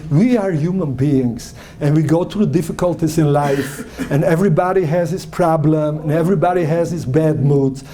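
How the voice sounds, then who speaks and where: A man's voice: a little high, moderate pace, few pauses, a little hiss or hum. A man, a rabbi giving a lecture who animatedly tells stories and acts out what people said. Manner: animated storyteller acting out quoted speech. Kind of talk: lecture on marriage and emotions.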